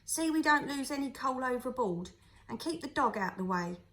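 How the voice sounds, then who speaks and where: A bossy coal-barge master shouts his orders across the hold, as a woman reads him aloud. The commands come loud and clipped, in a fairly high voice. He expects to be obeyed without a word back. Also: lively intonation, normal speed. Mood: ordering. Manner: barking orders loudly.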